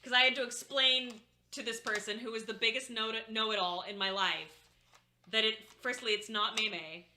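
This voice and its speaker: A woman in her thirties co-hosting a casual chat, telling animated stories with swearing and mocking impressions. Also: on the high side, moderate pace, a little hiss or hum. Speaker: co-host.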